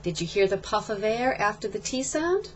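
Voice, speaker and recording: A woman coaching pronunciation in a scripted lesson, slow and encouraging, modeling sounds for the learner. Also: mid-range voice, sing-song, a little hiss or hum. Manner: slow, deliberate, encouraging teacher. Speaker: accent reduction coach.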